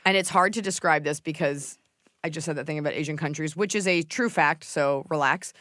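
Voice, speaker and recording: A woman's voice: low-pitched, fairly quick, dry recording, studio quality. A woman hosting a podcast, chatting casually and telling comic stories while mimicking people. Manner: animated storyteller, mimics people. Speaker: podcast host. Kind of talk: casual comedic chat.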